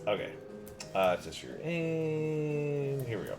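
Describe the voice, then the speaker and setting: A man streaming a game, reading dialogue aloud with playful, animated commentary. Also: a little high, takes it slowly, music in the background.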